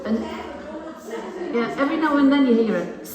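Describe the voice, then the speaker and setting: Older woman, singing group leader, chatty and jokey, high voice, booming hall echo, mic. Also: expressive, normal speed, recorded from a distance, crowd noise. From England. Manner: chatty, jokey, teaches songs line by line. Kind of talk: leading a group singalong. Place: large echoey hall. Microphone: microphone on a stand. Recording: echoey hall with long reverb.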